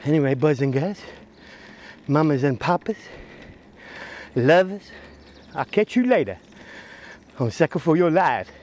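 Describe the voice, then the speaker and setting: This cycling vlogger's voice is slightly high and a little mellow, with lively intonation, a somewhat slow pace and long pauses. Riding his bike along country roads and city streets, he chats to himself in a rambling, self-deprecating, joking vlog about the ride and his route, with faint traffic and outdoor sounds behind him.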